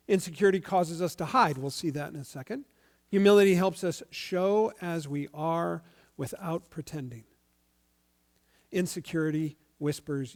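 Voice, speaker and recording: A male pastor giving a sermon in a conversational, animated storytelling way. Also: a little high, moderate pace, gravelly.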